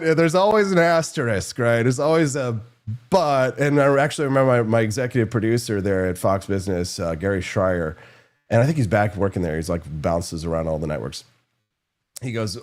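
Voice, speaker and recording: A man hosting a political talk show, telling stories in a loose, rambling way and acting out quotes from old colleagues. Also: medium pitch. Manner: rambling, animated storytelling with impressions. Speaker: show host. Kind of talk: casual political commentary.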